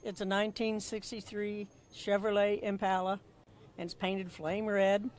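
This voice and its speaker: A woman's voice: medium pitch, flat delivery, a little slow, a little mellow, a little hiss or hum. Cheerful woman interviewed outdoors. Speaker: interviewed car owner. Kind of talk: casual on-camera interview. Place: outdoors at a car show.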